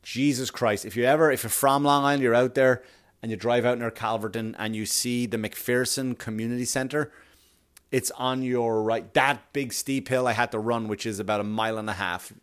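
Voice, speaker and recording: Profane, animated male storyteller. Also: mid-range voice, normal speed, smooth. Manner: profane, animated, self-mocking. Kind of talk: casual storytelling monologue.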